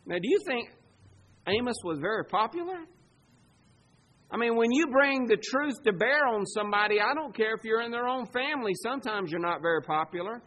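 A man preaching a sermon, swinging between loud emphasis and quiet asides. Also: high-pitched, lively intonation, normal speed, poor audio. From Southern United States. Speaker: pastor.

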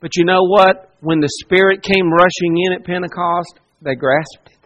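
Pastor, male, high voice, fervent sermon delivery with repeated lines. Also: fairly even intonation, moderate pace, a bit bright, low-quality recording. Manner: impassioned, repetitive preaching with dramatic quoted speech.

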